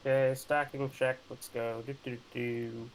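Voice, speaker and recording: Player man, casual tabletop chat, joking, mid pitch, faint background noise. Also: flat delivery, unhurried, low-quality recording.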